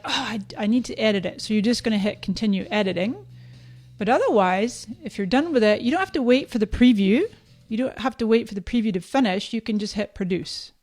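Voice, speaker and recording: Speaking to viewers directly in a slightly high voice, a Scottish-accented Canadian woman in her fifties runs a live social media training. The streamed software tutorial is chatty and upbeat.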